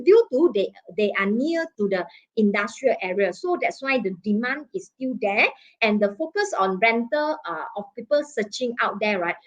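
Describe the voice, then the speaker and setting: A woman with a Malaysian English accent presenting market data in a webinar, checking in with "okay?" and "right?" and pausing on fillers. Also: mid-range voice. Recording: dull lo-fi webinar audio.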